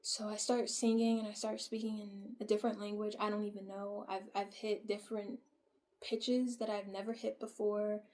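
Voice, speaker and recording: A woman vlogger telling a personal story in a casual, soft way, full of "like" fillers and often dropping to a near-whisper. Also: mid-range voice, flat delivery, moderate pace.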